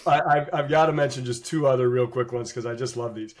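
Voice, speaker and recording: A man's voice: medium pitch, fast talker. Man with a mid-range voice, laughing. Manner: laughing, enthusiastic, recalls favorite scenes. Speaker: podcast co-host. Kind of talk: casual chat.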